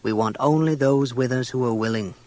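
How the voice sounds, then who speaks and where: A man voicing a scheming settlement leader who talks calmly and slyly. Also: mid-range voice, a little fast, dry recording, close to an everyday voice. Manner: calm, sly. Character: scheming, grimly amused male settlement leader.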